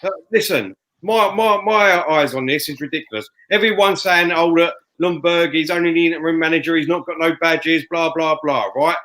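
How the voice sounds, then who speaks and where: A man, co-hosting a fan podcast, ranting loudly and emphatically. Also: a little high, moderate pace, hardly any pauses, rough recording. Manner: loud, fuming, emphatic. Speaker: fan show co-host. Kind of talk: heated fan podcast rant. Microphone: headphones and studio mic.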